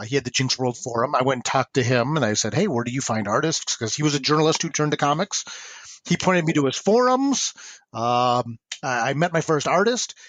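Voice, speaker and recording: A man in his forties, a comics writer and podcast guest, telling stories in a chatty, animated way. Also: mid-range voice, dry recording. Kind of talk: casual interview storytelling.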